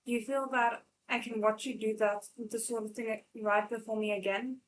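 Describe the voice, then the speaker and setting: A woman's voice: a little high, steady tone, normal speed, slight background noise, close to an everyday voice, poor audio. A woman reading a novel aloud, voicing a tearful young male disciple who pleads in a quivering, cracking voice. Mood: hurt. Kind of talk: live read-aloud of a novel.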